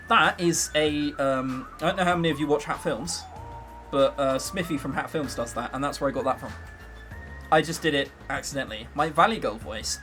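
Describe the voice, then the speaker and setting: A man's voice: fairly high pitch, a little fast, fairly bright tone, soft background music. A young English man chatting on a casual livestream, joking and self-mocking. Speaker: streamer.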